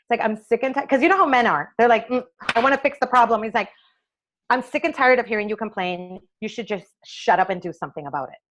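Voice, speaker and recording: A woman's voice: a little high, fast, fairly bright tone, slight background noise. A woman optometrist telling the story of how she came to make her own eyewear, acting out the dialogue she quotes. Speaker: optometrist and eyewear maker, interview guest. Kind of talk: conversational interview storytelling.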